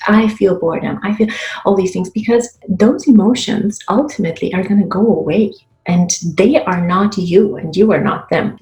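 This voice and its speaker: A woman's voice: medium pitch, warm tone, reverberant, rough recording. A woman giving an earnest, encouraging self-help talk to the camera, speaking straight to the viewer and acting out short quoted phrases.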